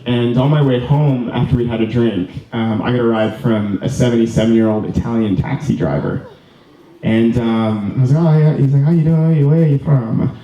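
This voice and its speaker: A man's voice: mid-range voice, dark tone. Man from Canada rambling a wedding speech. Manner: rambling and earnest, many ums and restarts. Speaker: groom. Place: wedding reception room. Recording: distant, roomy, slightly dull hall recording.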